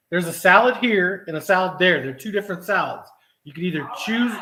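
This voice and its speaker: A man's voice: high-pitched, a little fast. A middle-aged man casually telling a heated story for his vlog, swearing often and acting out the dialogue. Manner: profane, animated retelling with quoted dialogue. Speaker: trucking vlogger.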